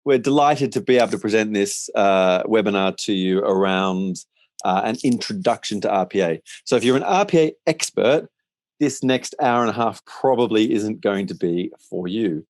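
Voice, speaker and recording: A man with an Australian accent softened by years in England, hosting a business webinar in a chatty, upbeat way with many fillers. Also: on the low side, animated, moderate pace, no echo. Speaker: managing director and webinar host. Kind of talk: casual webinar presentation.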